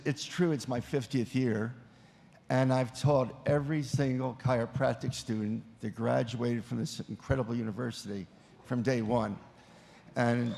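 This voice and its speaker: A man's voice: medium pitch, creaky, darkish tone, slight background noise. An older man, a professor, leading graduates through a recited oath at a ceremony in an emphatic, proud way, with phrases spaced for them to repeat. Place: large ceremony hall. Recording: long echo of a large hall.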